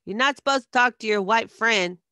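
A woman's voice: a little high, a little fast, pushed and bright, dry recording, studio quality, pitched above the performer's own voice. A woman doing a sulky little boy.

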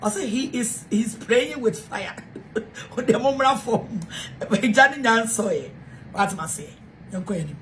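A woman's voice: fairly high pitch, lively intonation, measured pace, a bit bright, a little hiss or hum. Heated Ghanaian woman ranting. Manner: heated, repetitive, switches between English and Twi. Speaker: self-styled preacher. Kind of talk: angry rant to camera.

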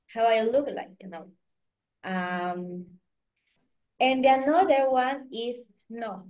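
A woman teaching a live online language class over a video call, patiently prompting her students by name and coaching them. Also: high-pitched. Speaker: Spanish teacher. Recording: dull lo-fi video call audio.

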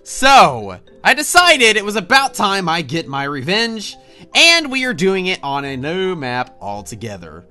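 A man's voice: high voice, wildly swooping pitch, a little slow, bright, forceful tone, faint music behind. A young man hosting a gaming channel, chatting playfully through gameplay commentary and laughing often.

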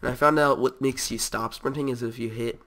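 A man's voice: mid-range voice, steady tone, fairly quick, fairly bright tone. A man with a cold and a nasal voice, rambling casually as he hosts gameplay commentary. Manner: rambling, chatty, easygoing. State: sick with a cold. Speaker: host.

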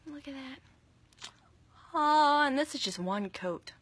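A woman's voice: sits high, expressive, slow pace, a bit bright, slight background noise. A young woman giving a chatty, enthusiastic live makeup tutorial, gushing over the products she uses. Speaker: makeup vlogger.

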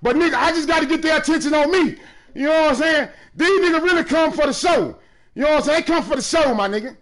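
A man streaming a basketball video game, taunting other players loudly, often breaking into shouts. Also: very high-pitched, quick pace. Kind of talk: trash talk during live gameplay.

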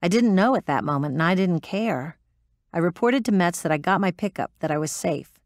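A blunt, hardened ex-military pilot. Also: female voice, on the low side, lively intonation, fairly quick, no echo, studio quality. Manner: blunt, profane, defensive. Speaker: interviewee. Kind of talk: audiobook drama performance.

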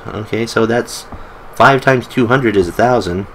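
Guy doing casual game commentary, jokey asides, low-ish voice, faint keyboard clicks. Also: unhurried, a bit bright, a little hiss or hum, low-quality recording. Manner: chatty, joking asides, reads game text aloud. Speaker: let's play host.

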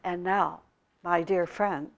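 A woman voicing a calm, gently teasing old male spiritual teacher in a slow, soft way. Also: mid-range voice, natural voice.

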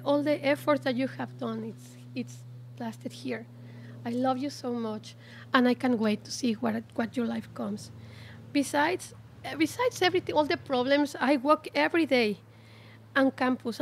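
A woman in her forties giving a heartfelt, halting graduation speech at a ceremony. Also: high voice, slight background noise. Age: 40s. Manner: heartfelt, emotional, halting with restarts. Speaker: graduating student speaker.

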